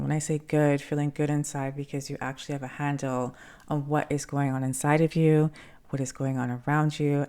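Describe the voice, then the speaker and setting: A middle-aged woman hosts a reflective podcast on her own, with a low voice. She talks in a loose, conversational way and now and then mimics frantic callers in quick, breathless bursts. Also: a little mellow. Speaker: podcast host. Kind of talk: reflective solo podcast monologue.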